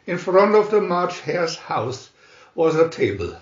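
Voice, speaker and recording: A man reading a storybook aloud slowly and expressively. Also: a little high, sing-song. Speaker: storybook reader. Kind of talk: read-aloud storybook narration. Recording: roomy muffled home recording.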